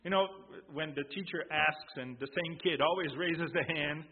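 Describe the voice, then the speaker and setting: A man's voice: fairly high pitch, moderate pace, a little hiss or hum. A man preaching a sermon, explaining emphatically and repeating key points. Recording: tinny phone-like sound in a reverberant hall.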